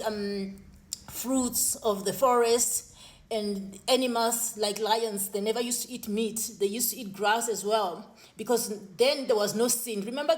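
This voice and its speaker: A woman with a slightly high voice speaks earnestly to camera about her visions. She often stops mid-phrase, restarts and repeats words as she tells her testimony. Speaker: spiritual vlogger recounting visions.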